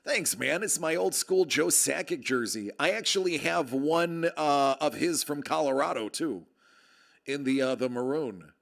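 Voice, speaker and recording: A man's voice: on the high side, unhurried, creaky, a bit bright. A man hosting a casual live stream, projecting his voice into a close microphone in a jokey, chatty way. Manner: projected, radio-style delivery; jokey, chatty, reads out viewer comments. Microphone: close desk microphone with level meter.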